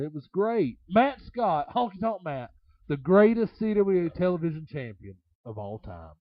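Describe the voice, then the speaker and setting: A man's voice: high-pitched, animated, moderate pace, no echo. A man, a former wrestler, telling road stories in a rambling way, full of fillers and laughter. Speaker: interview guest, former wrestler. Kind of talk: casual storytelling. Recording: dull, lo-fi.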